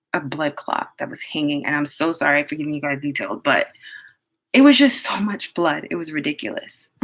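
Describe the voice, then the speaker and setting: Sitting at home in front of the camera applying makeup, a woman tells a personal story in a chatty, filler-heavy way, laughing frequently. Her voice is low but a bit bright, and the recording is rough.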